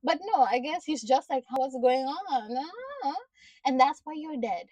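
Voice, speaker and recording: A woman records a casual recap of a TV episode at home. She sounds exasperated and animated, swearing often and laughing at the characters. Her voice sits a little high, and the sound is dry and a bit distant from the mic. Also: moderate pace, no echo. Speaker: show reviewer.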